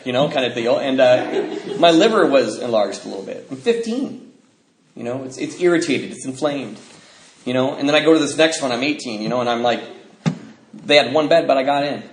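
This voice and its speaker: A man from the Pacific Northwest of the US, speaking at a recovery convention, telling his story in an animated way, acting out the people in it and laughing often. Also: mid-range voice, fairly quick. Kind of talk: storytelling talk to an audience. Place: convention hall. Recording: echoey hall, faint noise.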